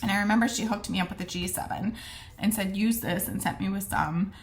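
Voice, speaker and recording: Woman just chatting to camera about her own story, mid pitch, does little voices for what everyone said, lots of ums. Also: steady tone, a little fast. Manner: chatty, acts out quoted conversations; frequent fillers and restarts, earnest. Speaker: vlogger sharing a personal health story.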